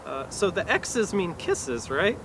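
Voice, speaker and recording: A man doing a stand-up comedy set in an awkward, hesitant, deadpan way, with lots of fillers. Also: sits high, slow, background noise. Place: live comedy venue.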